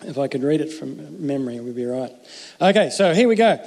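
A man with a high voice delivers a relaxed, joking sermon, often stumbling and restarting his phrases. The sound carries a long hall reverb. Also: brisk, creaky. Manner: conversational, jokey, self-interrupting. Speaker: pastor.

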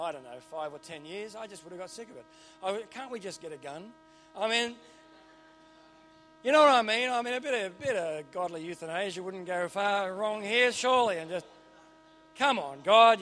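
A middle-aged Australian man preaching a sermon in a church, animated and joking with punchy repeated phrases. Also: high voice. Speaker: pastor.

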